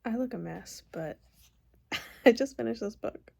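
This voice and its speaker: Tearful with happy tears, this young woman gushes through a casual book vlog, her speech full of "like" and heavy with emotion. Her voice sits on the high side, gravelly and husky, and she keeps a measured pace.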